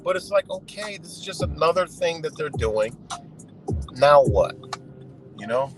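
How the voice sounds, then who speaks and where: A man's voice: fairly high pitch, lively intonation, brisk, rough recording. A man ranting casually and profanely from his car on a live stream, rambling and saying "you know" over and over. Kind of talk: casual rant. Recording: clear music under the voice.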